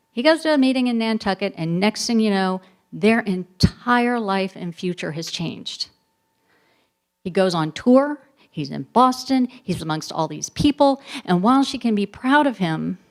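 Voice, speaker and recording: A middle-aged woman historian answers questions after her lecture in an animated, storytelling way. She lands on phrases for emphasis and drops in wry asides. Her voice sits in an ordinary middle register. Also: mid-range voice. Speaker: history professor, guest speaker. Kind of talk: answering audience questions at a public talk.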